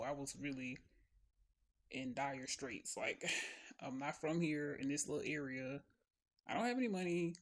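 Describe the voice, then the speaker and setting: A woman telling a personal story in a casual, animated way, talking straight to her viewers. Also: rumbling low. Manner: animated, conversational, often saying "child". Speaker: storyteller vlogger.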